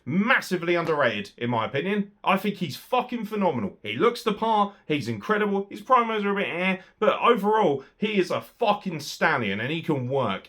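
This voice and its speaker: A young man giving a sweary, sarcastic solo wrestling review, swinging between loud outbursts and muttered asides. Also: fairly high pitch.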